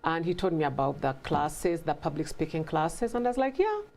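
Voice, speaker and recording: A woman's voice: low voice, expressive, a little fast, gravelly, darkish tone, a little hiss or hum. A middle-aged woman with a mixed African and British accent, a guest telling her story in a conversational interview and acting out quoted voices.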